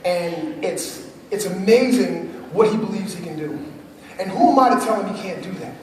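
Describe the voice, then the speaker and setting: A man in his thirties giving an energetic motivational speech to a live audience, laughing often and building to shouts. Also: sits high, moderate pace, a little hiss or hum. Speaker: motivational speaker. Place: large conference hall. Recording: echoey hall recording from far off.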